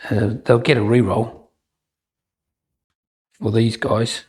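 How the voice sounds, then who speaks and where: A man's voice: fairly low pitch, level tone, takes it slowly, darkish tone, husky, rough recording. A man narrating a solo tabletop wargame battle report in a chatty way, with joking asides and frequent ums. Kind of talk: casual game commentary.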